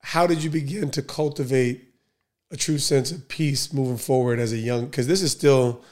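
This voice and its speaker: Male podcast host, mid-pitched, rambly casual questions with lots of "like, you know". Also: steady tone, moderate pace, a little mellow. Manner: conversational, many fillers and restarts. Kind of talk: casual interview.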